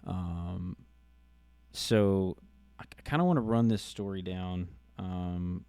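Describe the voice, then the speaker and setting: A middle-aged man, a podcast host, telling a personal story in a casual, halting way with many restarts and fillers. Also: deep voice, a little mellow, clean tone, no echo.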